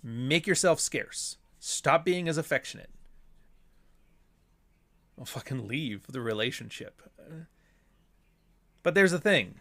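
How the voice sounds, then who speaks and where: A man of middle pitch hosting a casual livestream and answering chat. He talks bluntly and swears freely, with a sardonic edge. He keeps putting rhetorical questions to himself and then answering them. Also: lively intonation, takes it slowly, long pauses, fairly bright tone. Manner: asks and answers his own rhetorical questions.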